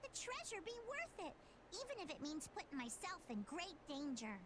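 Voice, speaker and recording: Cheeky little pirate girl from a game, squeaky high and bouncy. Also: sing-song, normal speed, noisy background. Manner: pirate slang, bold and cheeky. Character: brash young girl pirate adventurer. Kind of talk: game voice acting.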